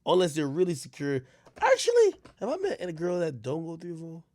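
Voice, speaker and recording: Animated rambling man, lively pitch swings. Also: brisk, no room sound, clean studio sound. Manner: rambling, animated, swings from low mutters to shouts; frequent stammered restarts and fillers. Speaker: streamer host. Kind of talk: casual stream commentary.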